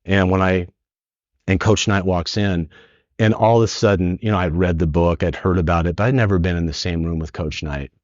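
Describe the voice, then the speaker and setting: A middle-aged man from San Francisco, a podcast guest, telling a personal story in an earnest, animated way. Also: low-pitched, brisk, dry recording. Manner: earnest, animated retelling with acted quotes. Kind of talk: emotional storytelling. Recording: dull lo-fi dry podcast audio.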